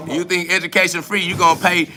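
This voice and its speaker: A man's voice: high voice, fairly even intonation, normal speed, pushed and bright, slight background noise. A man hosting a podcast livestream, answering chat comments in a blunt, profane, confrontational and preachy way, repeating his points for emphasis. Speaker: podcast host.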